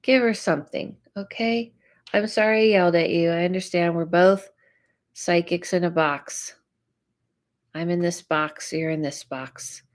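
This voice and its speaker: A woman's voice: lowish voice, steady tone, measured pace. A woman psychic host giving live readings, chatty and reacting to viewer comments aloud. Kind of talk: live-stream reading chat.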